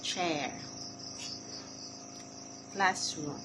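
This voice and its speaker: A woman with a Filipino accent teaching sign language, saying each vocabulary word slowly and repeating it several times. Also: low voice. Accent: Filipino (Cebuano). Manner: slow and deliberate, calling out single words. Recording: clear background noise of crickets and insects.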